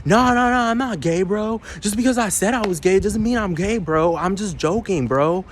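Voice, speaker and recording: A man's voice: high voice, normal speed, a little hiss or hum, pitched above the performer's own voice, lightly acted. A man putting on a whiny, defensive voice to mock a guy who denies being gay. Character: defensive young man insisting he is not gay.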